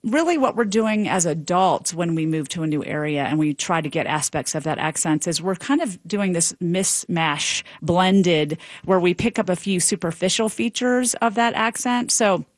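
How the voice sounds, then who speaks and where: A middle-aged woman professor explaining her research in a radio interview, measured and lecture-like, with light laughs. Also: on the low side, no echo. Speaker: linguistics professor and author, interview guest.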